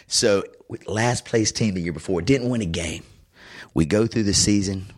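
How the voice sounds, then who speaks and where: A man's voice: lowish voice, moderate pace. A middle-aged man co-hosting a casual podcast chat, telling childhood stories with plenty of fillers. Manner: animated storyteller, lots of fillers. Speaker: podcast co-host.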